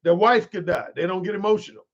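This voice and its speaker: High-voiced and fast, a dating coach and author chats candidly with followers on his livestream, animated and frequently starting over. He adjusts his desk microphone mid-stream, and the audio has its highs cut off.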